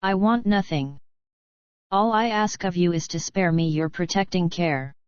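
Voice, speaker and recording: Female narrator doing a hysterical young male drunkard, lowish smooth voice, muffled dry read. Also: a little slow, dry recording, close to an everyday voice. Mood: pleading. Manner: overwrought, pleading outbursts.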